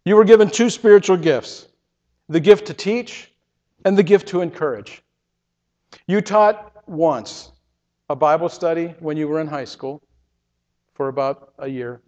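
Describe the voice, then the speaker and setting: A man plays a grave divine judge who speaks in a soft, low, deliberate voice, yet the voice still sits fairly high for a man. The sound is dull and lo-fi and carries a long reverb tail. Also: natural voice. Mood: solemn. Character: solemn gentle male divine judge.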